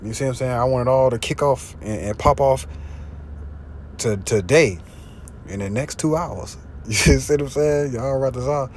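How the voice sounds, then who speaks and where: A man preaching informally, slangy and profane, often asking if you see what he's saying, and reading scripture louder. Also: moderate pace, a little hiss or hum. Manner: louder and higher when reading scripture aloud. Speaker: street preacher. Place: in a car. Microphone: phone.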